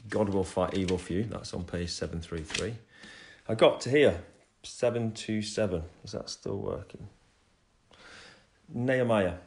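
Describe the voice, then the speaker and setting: A man's voice: on the low side, measured pace, vocal fry, pauses often, a little hiss or hum. A man giving a casual religious talk on a livestream, rambling and breaking off his own sentences, sometimes reading scripture aloud at home. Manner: rambling, self-interrupting, reads scripture aloud. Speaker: Christian speaker sharing testimony. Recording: echoey room.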